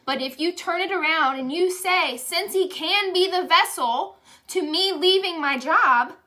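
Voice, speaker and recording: High bright chatty woman. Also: unhurried. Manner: candid, chatty, emotional, says y'all. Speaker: direct sales leader. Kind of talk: motivational testimonial.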